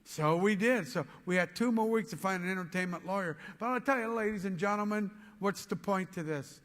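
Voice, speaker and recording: A man's voice: high voice, fairly quick, hardly any pauses, fairly bright tone. An older man giving a motivational speech to a live audience, telling a story with energy and acting out both sides of the conversations. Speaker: motivational speaker. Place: large hall before an audience. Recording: long hall reverb with faint music.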